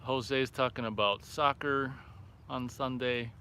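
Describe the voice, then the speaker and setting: A man's voice: mid-range voice, steady tone, slow pace, sharp tone, slight background noise. A man hosting a casual live stream outdoors by a fire at night, reading viewer comments aloud and reacting offhandedly. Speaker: livestream host reading chat.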